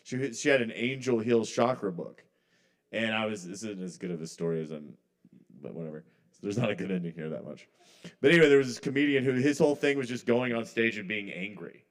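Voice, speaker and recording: A man's voice: fairly low pitch, lively intonation, fairly quick. Rambling man doing stand-up at an open mic. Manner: rambling, conversational, trailing off. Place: live kava bar open mic.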